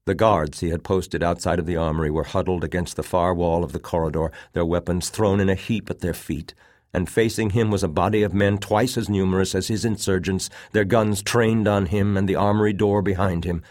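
Male narrator, low voice, measured audiobook read, dry booth. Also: dry recording. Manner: steady, measured reading.

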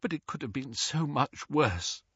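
A man's voice: mid-range voice, lively intonation, measured pace, fairly bright tone, husky, no echo, muffled recording, pitched above the performer's own voice, full character voice. A man voicing a tearful, anxious motherly woman in an audiobook reading. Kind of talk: audiobook character voice.

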